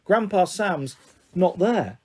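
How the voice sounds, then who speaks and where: A man's voice: high-pitched, slow pace, breathy edge, heavily acted. A man voicing a blunt, matter-of-fact girl, the older sister, in a storybook reading. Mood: deadpan. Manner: plain, matter-of-fact, deadpan.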